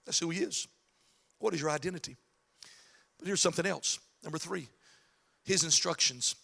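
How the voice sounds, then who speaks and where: A man preaching a lively sermon, swinging from shouted, chanted lines to soft asides. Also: fairly high pitch, normal speed, gravelly, slightly rough. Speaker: pastor. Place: church sanctuary.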